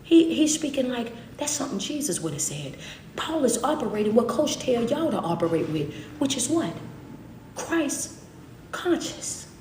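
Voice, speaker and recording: A woman's voice: a little high, big pitch swings, a little fast, a little mellow, roomy sound, a little hiss or hum. A woman preaching a sermon as a motivational speaker, in impassioned call-and-response style with repeated phrases.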